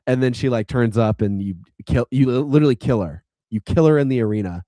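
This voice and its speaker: A man's voice: medium pitch, fast, few pauses, dark tone, dry recording, clean studio sound. A man on a podcast retelling a video game story in a casual, rambling way, full of likes and restarts. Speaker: podcast co-host.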